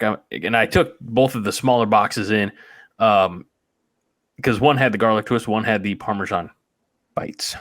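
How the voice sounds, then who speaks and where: A man with a fairly low voice, chatting casually as a podcast host. He tells everyday stories at a loose, rambling pace. The sound is dry and close to the mic. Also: moderate pace, fairly bright tone, no room sound. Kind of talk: casual chat.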